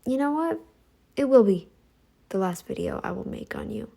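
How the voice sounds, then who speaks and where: With vocal fry and a mellow, animated voice at a moderate pace, this middle-aged commentary host scolds her critics. She's sassy throughout, mocking them by putting on high voices.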